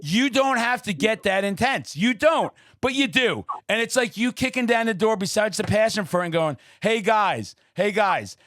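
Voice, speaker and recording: Loud profane high-voiced man ranting. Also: animated, moderate pace, hardly any pauses, no echo, studio quality. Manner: loud, profane, fired-up ranting with shouted bursts. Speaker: podcast host. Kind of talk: casual interview chat.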